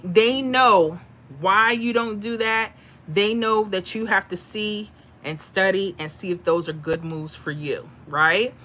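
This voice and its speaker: A woman's voice: medium pitch, pushed and bright. A woman hosting a casual livestream, talking freely with viewers and reacting to their comments. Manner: chatty, reads viewer comments aloud, emotional asides. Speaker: livestream host giving lottery picks.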